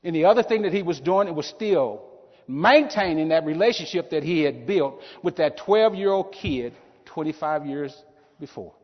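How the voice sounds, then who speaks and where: A man's voice: on the high side, animated, normal speed. A middle-aged man giving a motivational keynote speech, telling stories with feeling and repeating key phrases. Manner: emotional storytelling with repeated phrases. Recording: reverberant hall, dull sound.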